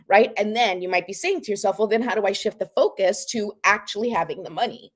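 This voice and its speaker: A woman's voice: mid-range voice, fairly quick, few pauses. A middle-aged woman from Canada giving a casual motivational talk as a life coach, chatty and full of asides. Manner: chatty, many asides, says "right?" and "like" often.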